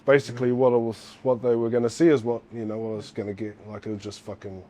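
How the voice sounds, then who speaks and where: A middle-aged man from New Zealand, a former fighter, telling a story in casual chat, animated and swearing often. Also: medium pitch, fast.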